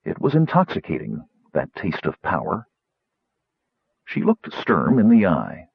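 A man's voice: deep voice, huge pitch swings, measured pace, creaky, slightly rough, no room sound, dull audio. A man reading an audiobook in a scripted narration style, giving each character a voice of his own.

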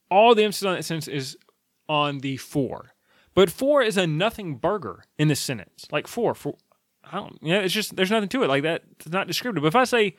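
A man's voice: a little high, expressive, fast, fairly bright tone, dry recording, studio quality. A man rambling casually on his own, chatty and opinionated, with frequent fillers and asides.

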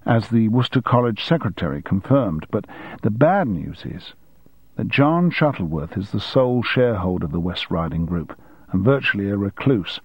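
A man voicing an efficient young woman assistant who reports facts briskly and precisely. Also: lowish voice, very animated, slightly rough, no room sound, lo-fi sound, heavily acted. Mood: matter-of-fact.

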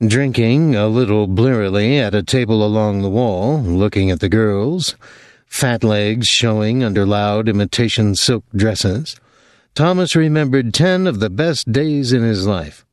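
A man narrating an audiobook novel in a steady, plain reading voice. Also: fairly low pitch, measured pace, no echo, clean studio sound. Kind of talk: scripted narration.

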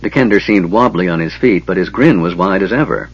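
A man narrating an audiobook in a steady, even reading. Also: low voice, fairly quick, breathy edge, no room sound. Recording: dull lo-fi, dry.

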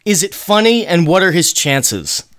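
A male podcast host steers a casual political chat with sarcastic jokes and questions. His voice is slightly high and swings up and down with animated energy. The recording is dry and close. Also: unhurried, no echo. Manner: joking, sarcastic, asks questions.

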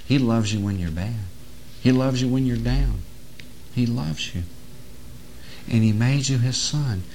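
Man preaching with big swings in loudness. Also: slight background noise. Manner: swings from quiet, low asides to loud, rising emphatic preaching. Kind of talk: sermon.

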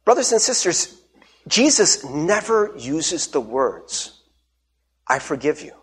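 Male pastor, high husky voice, lively preaching with acted-out quotes. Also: slow pace. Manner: animated storytelling, acts out quotes with shifting pitch. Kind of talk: sermon.

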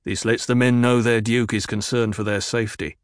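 A blunt, shrewd soldier giving orders, as a man plays him in an audio drama. His voice sits at a middle pitch and is recorded dry and close. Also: steady tone, fairly quick, no room sound, close to an everyday voice. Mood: commanding. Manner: blunt, commanding.

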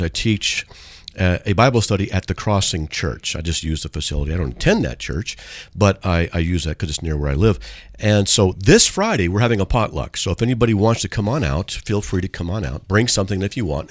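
Lively joking radio host. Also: male voice, deep voice, no echo. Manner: animated, joking, rambling. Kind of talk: casual call-in radio talk. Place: radio studio.

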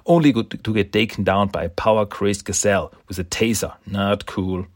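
A man's voice: fairly low pitch, fairly even intonation, brisk, dry recording, clean studio sound, close to an everyday voice. A man reading as a defiant woman assassin.

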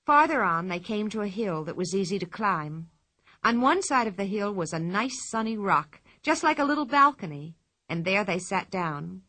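A woman narrating a children's storybook with expressive telling. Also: mid-range voice, moderate pace. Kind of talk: storybook reading.

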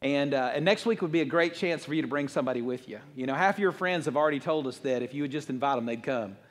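A man's voice: medium pitch, fast talker. A man preaching a Sunday sermon as pastor of his church, talking playfully and directly to the congregation. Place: church auditorium.

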